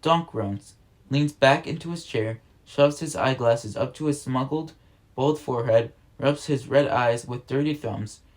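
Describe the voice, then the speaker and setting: A man reads a novel aloud in a steady, mid-pitched voice. He stumbles over words now and then and goes back to correct himself, reading at an unhurried pace like an amateur home reader. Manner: steady reading with frequent slips and self-corrections.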